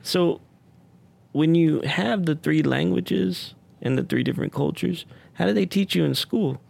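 A man's voice: fairly high pitch, unhurried, gravelly, darkish tone, breathy edge. A man hosting a casual interview, curious and chatty, asking his guest many questions. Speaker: interview host.

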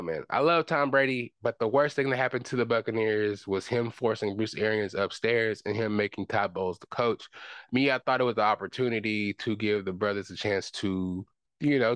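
A man's voice: mid-range voice, a bit bright, dry recording. A man hosting a podcast, ranting in a casual, rambling way, cursing and circling back on himself. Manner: frustrated, rambling rant with cursing. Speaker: podcast host. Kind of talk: casual sports talk.

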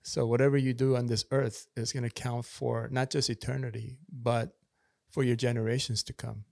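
A man's voice: mid-range voice, flat delivery, moderate pace, gravelly, darkish tone, dry recording. Earnest man with a dry close mic. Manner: earnest, preachy, repeats key phrases. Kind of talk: casual podcast chat.

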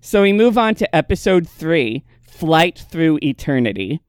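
A slow, easy speaker with a smooth, clean voice, walking listeners through the plot in a casual podcast chat. The sound is dry and close, with frequent laughter between lines. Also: medium pitch, big pitch swings, no echo. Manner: laughs often, narrates the plot step by step. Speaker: podcast co-host recapping episodes.

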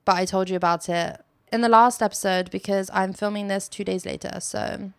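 A woman's voice: medium pitch, fairly even intonation, fairly quick, creaky, no room sound, studio quality. A young British woman hosting a casual solo podcast, telling stories in a chatty, giggly way and swearing freely. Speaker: podcast host.

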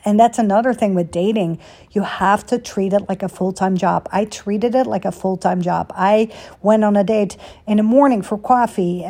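A woman's voice: medium pitch, mellow. A middle-aged woman hosting her own podcast, talking in a candid, chatty, motivational way. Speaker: podcast host. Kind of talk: casual monologue podcast.

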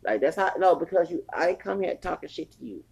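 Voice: medium pitch, lively intonation, quick pace, vocal fry, darkish tone, breathy edge. A person in their forties telling a long story in a casual, rambling rant, swearing heavily and growing heated. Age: 40s. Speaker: podcast host.

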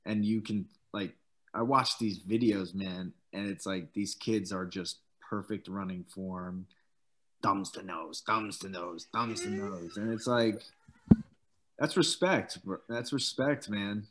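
A man's voice: fairly low pitch, slow pace, fairly bright tone. A man in his thirties, a former football player, telling laid-back stories in casual chat and swearing freely.

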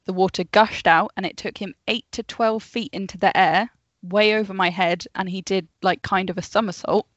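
A woman's voice: medium pitch, steady tone, normal speed, no echo, highs cut off. A woman co-hosting a casual podcast, telling a story from her notes with chatty asides and frequent laughs. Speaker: podcast co-host.

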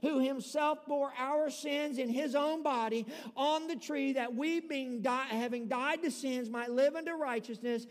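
A male pastor preaches with a very high voice, folksy and emphatic, building his points until he is shouting. His voice rings out with a long reverb through a large hall. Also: a little slow, hardly any pauses. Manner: folksy storytelling with humor. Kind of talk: sermon.

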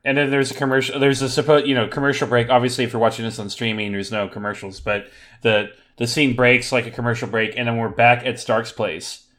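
A man co-hosting a podcast, recapping a TV episode in excitable, profane chat. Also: medium pitch, fast. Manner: excitable, profane, bursts into loud mock reactions. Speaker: podcast co-host.

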